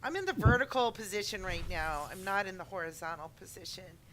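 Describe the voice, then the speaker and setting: A woman in her twenties hosting a casual podcast stream, chatting in an animated way and acting out other people's lines. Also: mid-range voice, brisk, background noise. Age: 20s. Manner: animated, laughing, acts out friends' lines. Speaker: podcast host.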